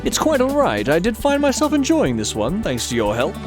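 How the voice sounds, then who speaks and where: A man's voice: sits high, huge pitch swings, fairly quick, pitched above the performer's own voice. A man voicing a formal, melancholy gothic man from a dating game, with theatrical, old-fashioned diction, read aloud on a live stream. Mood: wistful. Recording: game music playing behind.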